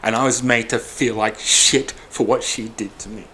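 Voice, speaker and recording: A man's voice: lowish voice, fairly even intonation, moderate pace, bright, forceful tone, slight background noise. A man in his forties, upset and exhausted, venting in a bitter, raw personal monologue full of swearing. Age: 40s. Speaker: vlogger.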